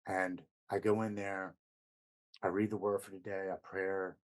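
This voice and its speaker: Low-voiced man telling a personal story. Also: little pitch movement, measured pace. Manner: retells events with much quoted dialogue. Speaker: podcast guest. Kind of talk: casual storytelling.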